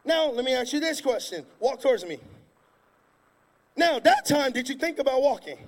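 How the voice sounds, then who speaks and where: A male pastor preaching a sermon from a church stage, emphatic and repetitive, breaking into sudden shouts. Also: very high voice, animated, moderate pace. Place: church stage before a congregation. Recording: long reverb of a large hall.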